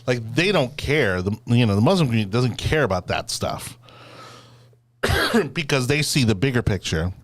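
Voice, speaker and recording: A man hosts a loose political talk show, circling his points with "you know" and plenty of restarts. His voice sits at an ordinary pitch and sounds dry and close, with no room around it. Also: animated, normal speed, no echo. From Florida. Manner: rambling, many fillers and restarts. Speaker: podcast host. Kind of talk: casual political chat.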